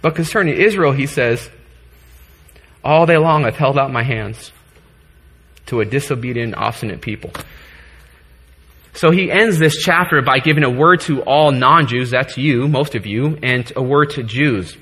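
A man's voice: mid-range voice, measured pace, long pauses, fairly bright tone, slightly rough. A man in his thirties preaching a sermon to his congregation in a church, earnest, joking at times and getting choked up. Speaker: pastor.

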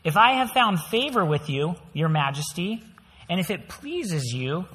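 A man's voice: sits high, sing-song, unhurried, bright, forceful tone, breathy edge, big-room sound, voice pushed up, heavily acted. A man voicing a brave young queen, pleading earnestly in a raised voice during a sermon.

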